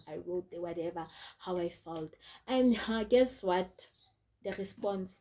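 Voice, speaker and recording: A woman's voice: on the low side, moderate pace, warm tone. A young woman, telling a storytime vlog in a chatty way, repeating herself and often calling out to her viewers. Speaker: vlogger.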